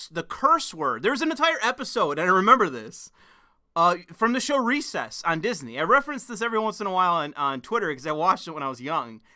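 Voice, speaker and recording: Animated young man streaming, bright-voiced. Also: high-pitched, no room sound. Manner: incredulous, laughing, profane. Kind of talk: casual stream commentary.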